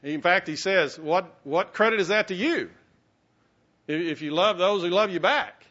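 A pastor with a high, expressive, sharp voice preaches a sermon at normal speed, telling a personal story with self-mocking humor and acting out the voices he quotes. The recording is muffled and lo-fi.

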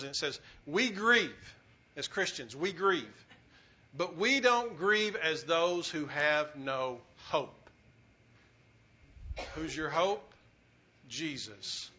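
A man preaching a sermon as pastor, telling a story earnestly, swelling loud and dropping quiet. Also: a little high. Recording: dull lo-fi recording.

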